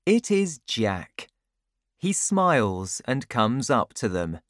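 A woman reading a children's storybook aloud in a slow, clear, carefully paced narration. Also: rumbling low, big pitch swings.

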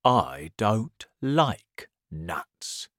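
A woman doing a sly, slow-talking crocodile. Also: very deep voice, very animated, no echo, clean studio sound, full character voice. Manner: slow, drawn-out, menacing. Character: greedy sly male crocodile, low and slow.

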